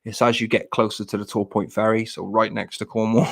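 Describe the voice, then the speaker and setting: A man's voice: fairly low pitch, flat delivery, fairly quick, vocal fry. Jokey man with a Plymouth Janner accent. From Plymouth, England. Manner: rambling, jokey, self-mocking. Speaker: livestream host. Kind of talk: casual livestream chat.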